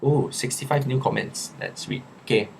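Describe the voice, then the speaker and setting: A young Singaporean man in a casual live chat, reading viewers' questions aloud and answering them in a relaxed, chatty way. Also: mid-range voice, moderate pace, vocal fry, slight background noise.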